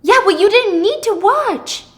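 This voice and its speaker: A woman's voice: a little high, fast talker, fairly bright tone, close to an everyday voice. A woman voicing an upset young man who scolds his girlfriend in a retold story.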